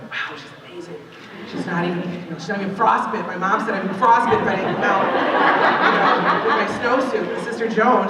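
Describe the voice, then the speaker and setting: A woman in her forties tells a true story live on stage in an animated, conversational way. Her voice echoes strongly around a large hall, picked up from some distance with a long reverb and a faint hiss underneath. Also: fairly low pitch. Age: 40s.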